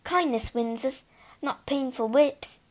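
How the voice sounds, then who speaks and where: A woman's voice: high voice, slow pace. A woman voicing a bitter, hurt young mare in a storybook, speaking in a sullen, resentful way. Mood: softened. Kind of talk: storybook reading.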